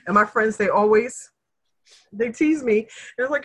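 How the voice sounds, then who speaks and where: A woman's voice: a little high, moderate pace, slightly rough. A middle-aged woman in casual conversation, telling her family history in an earnest, emotional way and acting out the people she quotes. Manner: earnest, emotional storyteller, animated when quoting others. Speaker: guest sharing family history.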